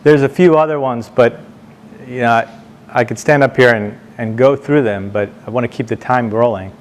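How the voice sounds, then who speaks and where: A man speaking to a board meeting, telling anecdotes in a halting way, repeating words and slowing down for emphasis. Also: medium pitch, a little hiss or hum. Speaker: board member addressing the board. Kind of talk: storytelling speech to a meeting. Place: meeting room, speaking standing before a group.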